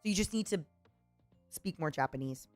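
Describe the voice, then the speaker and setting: A woman streamer chatting casually over drinks, expressive and jumping into excited highs. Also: normal speed, dry recording, faint music behind.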